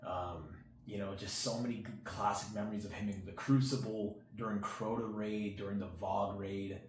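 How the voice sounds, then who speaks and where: A young man with a fairly low voice rambles through a personal story, full of fillers and little restarts. He acts out his friend's words as he goes. The room is roomy and echoey, with a faint hiss underneath. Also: steady tone, moderate pace. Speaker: channel host. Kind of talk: casual storytelling to camera.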